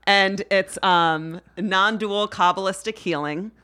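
A woman's voice: mid-range voice, slow, bright, forceful tone, clean tone. A woman guest on a casual podcast, chatting playfully and sometimes slipping into a mock-formal voice. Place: podcast studio in Queens.

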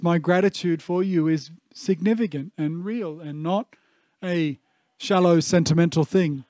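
A man in his thirties preaches a sermon with a high, bright-sitting voice. He speaks earnestly and from the heart, with plenty of ums and restarts. The sound is dry and close, with no room echo. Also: a little slow. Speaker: pastor.

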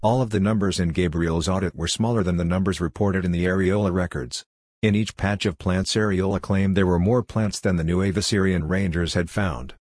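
Low husky male audiobook narrator. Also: steady tone, fairly quick, darkish tone, dry recording, clean studio sound.

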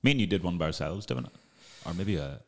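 A man's voice: low voice, lively intonation, fast. A young man with a Northern Irish accent, a podcast guest trading dry, mocking banter in casual chat.

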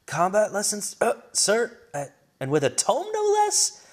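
A man reading aloud and voicing an eager young female apprentice, speaking high and excited. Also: unhurried, breathy edge, heavily acted.

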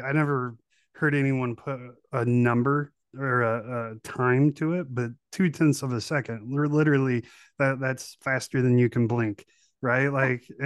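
A man's voice: medium pitch, clean tone, no room sound. Upbeat man hosting a podcast, dry sound. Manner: enthusiastic, conversational, many fillers. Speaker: podcast host. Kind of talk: podcast interview.

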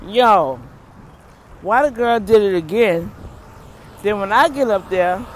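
A woman's voice: mid-range voice, takes it slowly, slight background noise. A woman telling a story casually to her viewers, addressing them as y'all and acting out what people said. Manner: animated, talks to viewers as "y'all", acts out quotes. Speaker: vlogger. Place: outdoors by a street, waiting for a bus.

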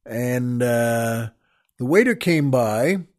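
A man hosting a radio show, telling a long rambling story straight to his listeners and often pausing and restarting mid-sentence. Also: mid-range voice, lively intonation, a little mellow. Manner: rambling, digressive, with frequent pauses and restarts; addresses listeners directly. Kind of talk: storytelling monologue.

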